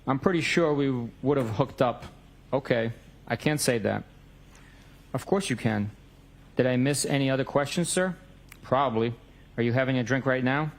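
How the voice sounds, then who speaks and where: A man's voice: mid-range voice, normal speed, long pauses. A man in a courtroom reading out both sides of a text message exchange, stating the date and time of each message.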